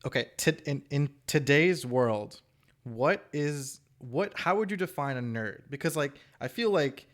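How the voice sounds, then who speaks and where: Man hosting a casual podcast, mid-pitched, asks curious, teasing questions. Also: animated, a little slow, a bit bright. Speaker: podcast host.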